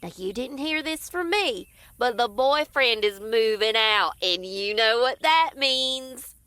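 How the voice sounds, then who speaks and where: A woman's voice: fairly high pitch, expressive, slow pace, sharp tone, no room sound, full character voice. Woman doing a gossipy real-estate cat. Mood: salesy. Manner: salesy, gossipy, conspiratorial. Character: fast-talking female real-estate cat, scheming.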